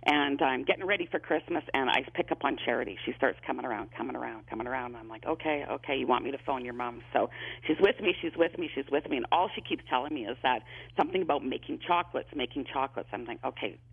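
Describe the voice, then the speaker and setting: Heard over a tinny phone line, a psychic medium tells stories in a phone-in interview, repeating himself and restarting sentences often. His medium-pitched voice is fast, creaky, and slightly rough.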